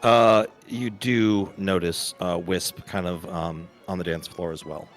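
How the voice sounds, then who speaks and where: A man's voice: deep voice, fairly even intonation, measured pace, faint music behind. A man narrating as game master of a tabletop game, laid-back and hesitant, full of ums.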